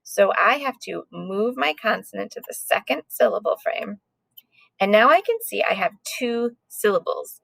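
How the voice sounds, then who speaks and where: A woman's voice: medium pitch, expressive, moderate pace, vocal fry, a bit bright, dry recording. A woman teaching a recorded phonics lesson to second graders, sounding out letters patiently.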